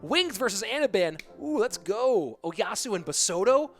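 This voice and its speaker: A man casting a video game tournament on a live stream, chatty and excitable, talking to his chat between matches. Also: high-pitched, normal speed. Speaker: esports caster. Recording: music bed behind voice.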